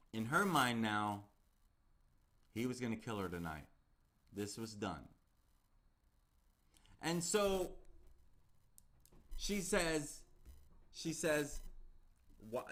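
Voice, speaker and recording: A man's voice: a little high, fairly bright tone. A man hosting a true crime channel, telling the story in a casual, conversational way and repeating key phrases for emphasis.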